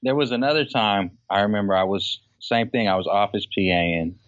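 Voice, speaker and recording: A man from Oakland, a podcast guest, telling stories in casual chat, animated, laughing often and acting out other people's lines. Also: lowish voice, fairly quick, dry recording. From Oakland, California. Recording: dry, slightly dull lo-fi podcast audio.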